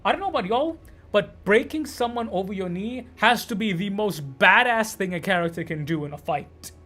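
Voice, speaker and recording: High-voiced man, loose and sweary. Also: expressive, moderate pace, pushed and bright. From Canada. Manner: loose, swears freely, rambling asides. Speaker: streamer. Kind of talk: casual gameplay commentary.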